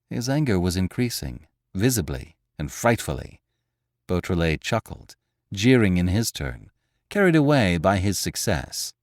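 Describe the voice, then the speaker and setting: A man, host of a classic-story podcast, reading a novel aloud with dramatic, expressive storytelling. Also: low-pitched, measured pace, dry recording, studio quality. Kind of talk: audiobook narration of a classic novel.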